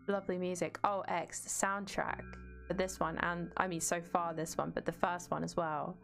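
Female streamer, lowish voice, chatty with viewers, reads the in-game text out loud, soft game music underneath. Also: level tone, normal speed, gravelly. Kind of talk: casual live-stream chat and reading game text aloud.

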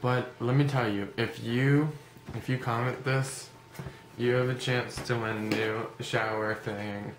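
A man rambles through a goofy comedic vlog, joking in a mock-serious tone. His voice sits at an ordinary pitch. The room echoes noticeably, with steady background noise underneath. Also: measured pace. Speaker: vlogger.

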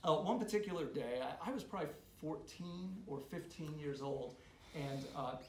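A man telling a funny family story to a club audience, animated and halting, with many restarts. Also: fairly high pitch. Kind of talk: casual spoken storytelling. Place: meeting room. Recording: roomy hall sound, faint noise.

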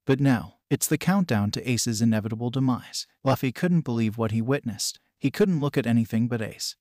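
Casting: male fan-story narrator, steady, mid pitch, dry. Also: brisk, no echo.

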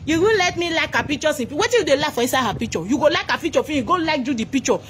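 A woman's voice: sits high, animated, rapid-fire, fairly bright tone, slight background noise. A Nigerian woman with a Nigerian accent, ranting angrily and mocking a celebrity, switching into pidgin. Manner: scolding, mocking, mixing pidgin. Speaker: commentator. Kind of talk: angry reaction rant.

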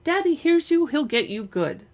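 A woman's voice: high voice, big pitch swings, normal speed, pitched above the performer's own voice. A woman voicing a cheeky little girl who teases her older brother in a singsong way. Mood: teasing. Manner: singsong, teasing. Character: cheeky little girl, teasing younger sister.

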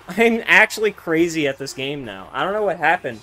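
A young male gaming streamer talks through his gameplay at a moderate pace, cursing casually and shifting from loud, excited outbursts to low muttering, with soft music playing in the background.

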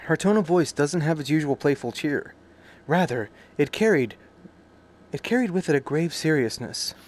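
A man's voice: fairly high pitch, lively intonation, normal speed. A man streaming a game, reading its subtitles aloud and adding crude, joking commentary full of swearing. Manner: crude, joking, swears often, reacts loudly.

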